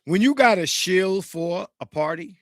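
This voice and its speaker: A man hosting a podcast in a casual, profane, animated way, greeting live chat viewers, sounding slightly congested. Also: high voice, a little slow, dry recording, clean studio sound. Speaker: podcast host.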